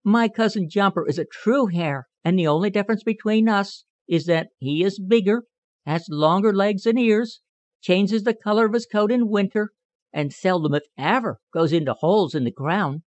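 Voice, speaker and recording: A man's voice: a little high, expressive, no room sound. A man doing an indignant young rabbit. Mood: cross. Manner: proud, quick to protest. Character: curious, indignant young male cottontail rabbit. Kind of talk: audiobook character reading.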